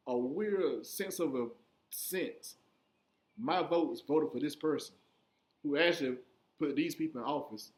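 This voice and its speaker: Young guy, slightly high voice, casual profane storyteller who plays every part himself. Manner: profane, animated, acts out both sides of conversations.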